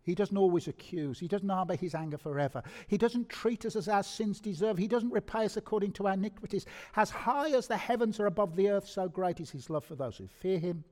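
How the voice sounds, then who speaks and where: Preacher in a reverberant hall. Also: male voice, high voice, fairly quick, hardly any pauses, warm tone. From England. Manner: earnest, conversational preaching with repetitions and rhetorical questions. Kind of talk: sermon. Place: church hall. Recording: long reverb of a church hall.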